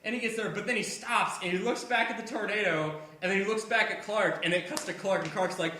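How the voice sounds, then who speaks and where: A man's voice: high-pitched, quick pace, echoey room, slight background noise. A man co-hosting a casual podcast chat, ranting about a film with lots of swearing and acting out scenes as he retells them. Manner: profane, ranting, animated storytelling. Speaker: podcast co-host.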